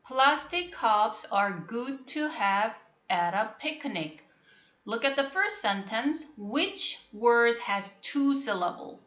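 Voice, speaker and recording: A woman leads an online phonics lesson in a bright, slightly high voice. She speaks slowly and patiently, asking the same question again and again to draw out answers. The call audio is echoey and muffled. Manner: slow, patient, repeats questions to prompt students. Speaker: English teacher.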